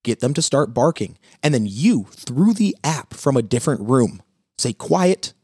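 A man hosting a live pet advice talk, walking viewers through dog training steps in an energetic, coaching way. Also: medium pitch, normal speed, husky, no echo, studio quality.

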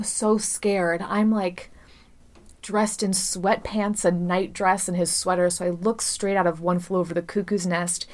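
Woman podcast host telling a story, chatty, laughs a lot, says like constantly. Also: mid-range voice. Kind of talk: casual chat, storytelling.

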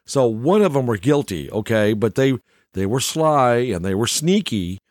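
A man's voice: mid-range voice, expressive, normal speed, dry recording, studio quality. An older man telling stories in a casual, rambling monologue, chuckling often and restarting his sentences. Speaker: storyteller.

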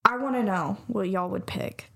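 A woman co-hosting a podcast in casual chat, with quick, playful remarks. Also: mid-range voice, gravelly. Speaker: podcast co-host.

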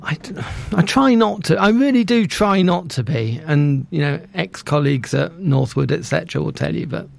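A man speaking as a radio guest. His voice is heavily gravelly and pitched somewhat high, and he often stops and restarts his sentences, poking fun at himself. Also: lively intonation, moderate pace, hardly any pauses, no room sound. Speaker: interview guest, estate agent. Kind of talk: casual radio interview.

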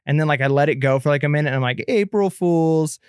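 A man's voice: mid-range voice, level tone, rapid-fire, clear, resonant tone, no echo, clean studio sound. A man in his thirties co-hosting a podcast, telling stories in a chatty way with many fillers and restarts. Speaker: podcast co-host. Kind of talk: casual podcast chat.

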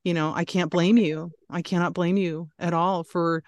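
A woman hosting an interview podcast talks in a measured, sympathetic way. Her voice sits very low for a woman. The sound is close and dry, with no room echo. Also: flat delivery, lo-fi sound. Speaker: podcast host. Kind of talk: interview conversation.

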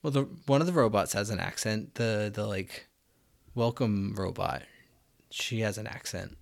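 A man's voice: on the low side, normal speed, vocal fry. A man co-hosting a casual chat, thinking aloud in a hesitant way. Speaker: podcast co-host.

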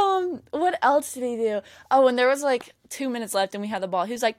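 A woman's voice: a little high, fairly quick, few pauses, no room sound, studio quality. A young woman hosting a podcast, telling a story in casual chat and acting out what people said. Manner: excitable storyteller who acts out quotes. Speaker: podcast host. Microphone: camera mic.

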